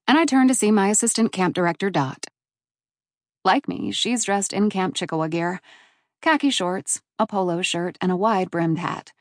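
A woman reading a first-person novel aloud as an audiobook narrator, in a warm and measured storytelling manner. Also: mid-range voice, no room sound, clean studio sound.

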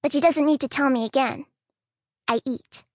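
A woman narrating a novel in the first person of a young child, soft and quiet, on a close studio mic. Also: high-pitched, fairly even intonation, normal speed, no room sound. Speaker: audiobook narrator. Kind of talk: scripted audiobook narration.

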